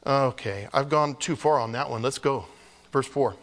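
A male pastor preaches in a loose, conversational style, joking and slipping into high mock voices to mimic people. His voice sits at a middle pitch. A long hall reverb trails behind every phrase. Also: moderate pace, a bit bright. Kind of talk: conversational sermon.

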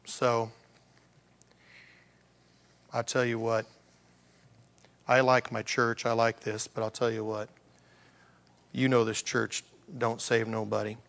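A man's voice: mid-range voice, level tone, slow pace, gravelly, long pauses, a bit bright. A male pastor preaching a conversational sermon, asking rhetorical questions and acting out the voices of the people he quotes.

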